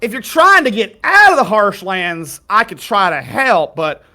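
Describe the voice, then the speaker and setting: Doing an exaggerated voice, a game master plays a merry, tipsy skeleton guide who rambles in a folksy drawl and chuckles to himself. The pitch swoops wildly, the tone is high and bright with a forceful edge, and the pace is measured.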